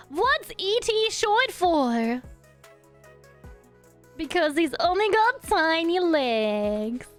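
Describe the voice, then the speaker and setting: A woman streamer chats casually with her viewers, bubbly and silly, humming little nonsense syllables between remarks. Her voice sits very high and bounces lively up and down. Faint music plays underneath. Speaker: virtual streamer. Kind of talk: casual livestream chat with viewers.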